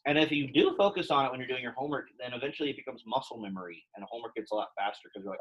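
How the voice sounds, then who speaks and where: Relaxed, chatty male Latin teacher. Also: medium pitch, rapid-fire, hardly any pauses, highs cut off, a little hiss or hum. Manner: relaxed, chatty, many fillers. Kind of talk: casual classroom lesson.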